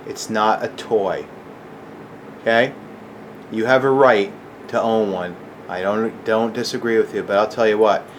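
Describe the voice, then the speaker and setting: A man's voice: on the low side, slight background noise. A middle-aged man ranting angrily to camera, agitated and profane, keeps asking "okay?". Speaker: gun channel vlogger. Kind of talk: angry rant to camera.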